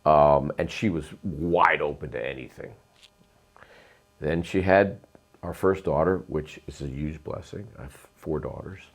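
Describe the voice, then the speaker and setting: Middle-aged guy with a super low voice, rambling story w lots of ums. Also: unhurried. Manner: rambling, emphatic, frequent ums and uhs. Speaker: real estate investor, guest. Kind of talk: storytelling interview.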